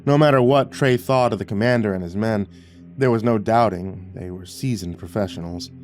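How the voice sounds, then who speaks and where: A man narrating a scripted sci-fi horror story in a steady, measured way. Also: lowish voice, faint music behind.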